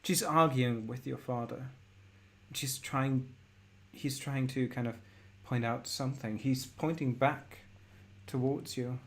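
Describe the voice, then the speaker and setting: A man narrating a horror tabletop game as game master, in a measured, descriptive way. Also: mid-range voice, fairly even intonation.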